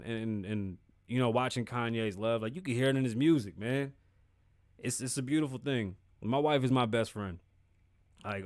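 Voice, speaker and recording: A man hosting a solo talk show in loose, swear-filled slang, talking frankly and with emphasis. His voice sits at an ordinary middle pitch. The recording is dry and close, with no echo around him. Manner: candid, profane, emphatic street slang. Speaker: podcast host. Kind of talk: casual solo commentary.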